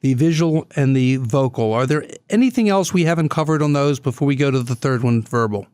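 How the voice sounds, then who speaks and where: A man's voice: medium pitch, lively intonation, a little fast, a little mellow, smooth, dry recording. A man hosting a business talk radio show from a studio, easygoing and conversational with frequent filler sounds. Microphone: studio microphone.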